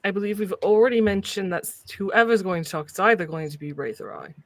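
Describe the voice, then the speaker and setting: A skeptical man weighs plans with the other players at a tabletop game. His voice sits high for a man, and the sound is dry and close. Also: fast, no echo. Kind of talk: tabletop role-play chat.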